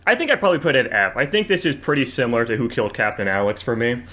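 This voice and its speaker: A man's voice: mid-range voice, expressive, rapid-fire, pushed and bright, soft background music. A man in a mid-range voice hosts a laid-back movie podcast. He rambles, hedges, restarts his thoughts and swears casually. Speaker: podcast host. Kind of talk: casual movie review chat.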